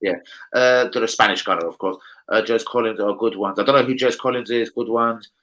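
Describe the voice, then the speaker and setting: A man's voice: lowish voice, brisk, fairly bright tone, rough recording. A man hosting a live football chat stream, chatty and slangy, talking straight to his co-host. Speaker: livestream football show host.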